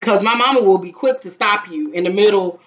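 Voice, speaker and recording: A woman's voice: mid-range voice, a little fast, a little hiss or hum. A young woman, telling a story in casual, dramatic vlog chat. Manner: animated, dramatic retelling with acted-out quotes. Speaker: vlogger. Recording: dull lo-fi sound.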